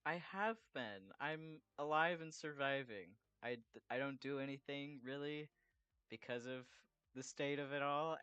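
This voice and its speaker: A man's voice: mid-range voice, bright, forceful tone, clear, resonant tone, no echo, lo-fi sound. A man chatting casually while he draws commissions, rambling and swearing freely. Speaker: artist drawing commissions. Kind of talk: casual chat while drawing.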